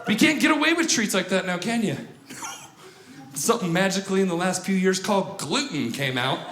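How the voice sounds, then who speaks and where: A man's voice: high voice, lively intonation, a little fast. A man in his thirties doing a stand-up comedy routine, acting out voices and checking in with the crowd. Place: comedy club stage. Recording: roomy stage with loud audience laughter.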